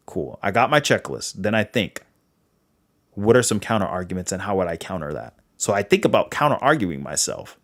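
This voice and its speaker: A man's voice: low voice, a little fast. A young man with a Boston accent hosting a livestream, rambling casually and acting out quoted dialogue. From New England. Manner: rambling, animated, full of fillers and quoted dialogue. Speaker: livestream host.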